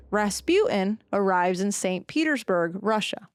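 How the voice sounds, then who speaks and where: A woman's voice: mid-range voice, moderate pace, no room sound. A woman presenting a history story on a casual podcast, chatty, with lots of fillers. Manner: chatty, animated, many fillers, jumps into quoted voices. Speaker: podcast co-host presenting the research.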